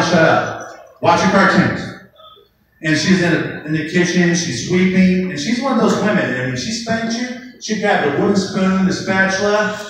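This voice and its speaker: A man doing a stand-up comedy routine, acting out shrill voices in his stories. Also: fairly bright tone, slight background noise. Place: comedy club stage. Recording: echoey club from a distant mic. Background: audience laughter.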